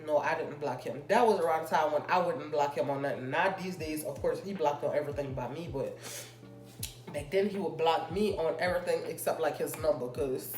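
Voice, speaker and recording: Her voice is low-pitched and darkish. A young woman vlogging, she rambles through a personal story in chatty fashion, stretching out her fillers, while faint music plays in an echoey room.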